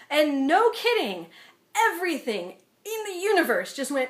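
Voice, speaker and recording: High-voiced animated woman vlogger. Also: normal speed. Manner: animated, self-deprecating, acts out quotes. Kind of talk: casual storytelling vlog.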